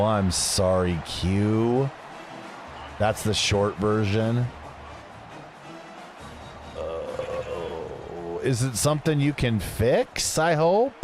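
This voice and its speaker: A man's voice: fairly low pitch, a little mellow. A man chatting casually with his live-stream audience while playing a game, joking and reading chat messages aloud. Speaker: gaming streamer.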